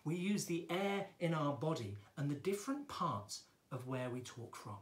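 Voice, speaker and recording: Role: children's drama teacher. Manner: chatty, playful. Pitch: lively. Room: echoey. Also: male voice, measured pace.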